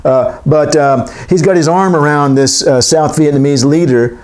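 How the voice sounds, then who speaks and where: A man's voice: fairly high pitch, moderate pace, darkish tone. A man giving a classroom lecture, reading from a text and wandering into joking asides.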